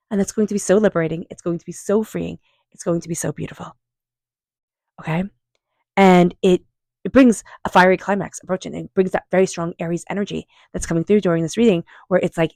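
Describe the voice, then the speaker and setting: A woman doing a tarot reading, speaking in a calm, unhurried, affirming way and softly repeating invocations. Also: lowish voice, gravelly, no echo, studio quality. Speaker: tarot reader. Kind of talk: tarot card reading monologue.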